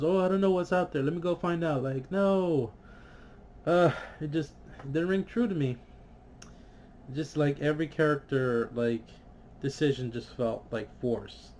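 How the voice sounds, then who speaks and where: A man's voice: medium pitch, slight background noise. A man vlogging a casual, frustrated review, swearing often and filling gaps with "you know" and "like". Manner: frustrated, swears, many fillers, animated.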